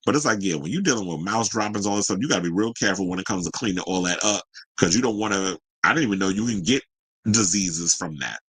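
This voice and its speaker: A man's voice: deep voice, animated, fast talker, a bit bright, husky, low-quality recording. A man hosting a casual solo pop culture commentary show, chatty and sassy with rambling asides.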